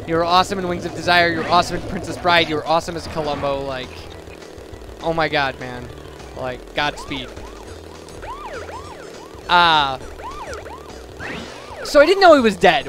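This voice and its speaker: Young male let's player, rambling and self-mocking, slightly high voice, game music behind. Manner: rambling, chatty, self-deprecating, with many fillers. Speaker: let's play commentator. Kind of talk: casual gameplay commentary.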